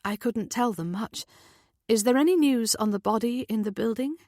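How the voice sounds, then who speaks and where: A woman reading the part of a gentle, caring mother, speaking patiently and kindly. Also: a little high, moderate pace, dry recording, clean studio sound, pitched above the performer's own voice, close to an everyday voice.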